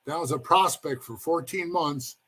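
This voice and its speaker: A husky, slightly high, somewhat bright voice belongs to a former motorcycle club member telling a rambling story at a moderate pace in a casual interview. He repeatedly calls the listener "bro" and acts out the others in the story in their own voices.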